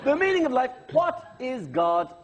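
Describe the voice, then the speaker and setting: A man's voice: very high-pitched, sing-song, a little slow, voice pushed up, heavily acted. A man voicing an older male TV presenter, preachy and condescending, repeating his phrases. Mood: patronising. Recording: TV studio with audience.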